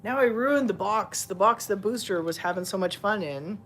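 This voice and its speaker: Woman host, mid-pitched, chatty livestream talk, laughs easily, slips into baby talk with pets, faint background hiss. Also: moderate pace. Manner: chatty, laughs often, coos baby-talk at her cats. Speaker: livestream host with pet cats. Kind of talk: casual livestream chat.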